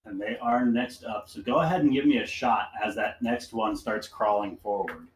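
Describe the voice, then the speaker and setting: A man's voice: lowish voice, moderate pace, roomy sound, poor audio. A man running a tabletop game as game master, narrating scenes with vivid description.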